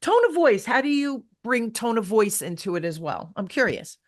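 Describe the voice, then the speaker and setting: A middle-aged woman in casual conversation as a show host. She tells stories with lively acted-out quotes and asks her guest questions. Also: on the high side, moderate pace. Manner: animated storyteller, acts out quotes. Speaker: podcast host and sales trainer. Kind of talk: casual interview chat.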